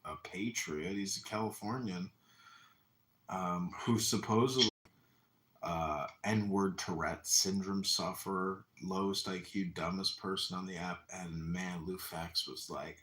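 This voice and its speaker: A man's voice: sits low, measured pace, fairly bright tone, roomy sound. A man hosting a casual livestream chat, blunt, mocking and profane. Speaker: livestream host and candidate. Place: room at home.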